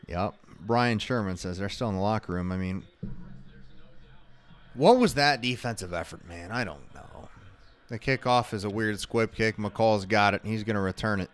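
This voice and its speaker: With a lowish voice, a man co-hosts a laid-back watch party stream, calling the plays and reading viewer comments out loud in a wry, exasperated way.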